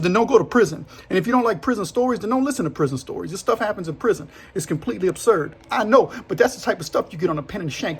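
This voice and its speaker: Slangy husky-voiced man telling stories. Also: sits high. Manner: slangy, laid-back, chatty. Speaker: channel host, former prisoner. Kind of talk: casual storytelling.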